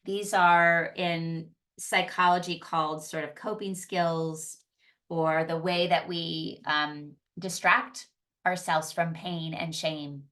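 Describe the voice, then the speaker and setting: A woman's voice: on the low side, level tone, slow, fairly bright tone, far from the mic. A woman psychologist and yoga teacher giving an earnest, conversational teaching talk, often restarting and repeating her phrases. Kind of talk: teaching talk on emotional healing.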